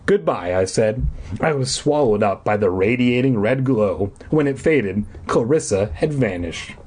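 Husky man doing a mock-dramatic read. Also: fairly low pitch, lively intonation, unhurried, darkish tone. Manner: mock-dramatic reading with crude asides. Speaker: reader. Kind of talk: comedic reading of a children's book.

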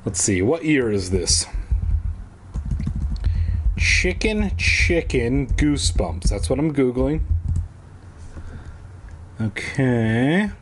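A man's voice: medium pitch, sing-song, extremely slow, pauses often, a little hiss or hum. A man from San Diego casually reading a kids' book aloud, with jokey asides and offhand swearing. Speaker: reader.

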